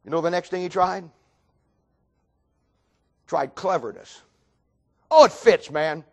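An older man preaching a sermon with fervent, dramatic storytelling that swings from loud to hushed. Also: a little high, slow pace, faint music behind.

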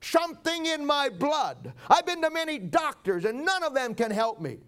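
Pastor voicing a frail pleading woman, very high. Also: big pitch swings, moderate pace, fairly bright tone, exaggerated voice. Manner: earnest, pleading. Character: weak, pleading sick middle-aged woman.

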